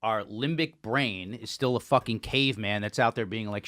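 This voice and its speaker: A man's voice: fairly low pitch, a little fast, few pauses, sharp tone, no room sound. A young man co-hosting a podcast, explaining things in a rambling way and swearing casually. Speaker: podcast co-host.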